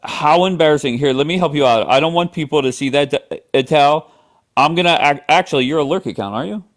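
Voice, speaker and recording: Man, stream host, blunt, needling, slightly high voice. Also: fast. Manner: blunt, mocking, interrogating. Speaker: livestream host. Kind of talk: live-stream debate.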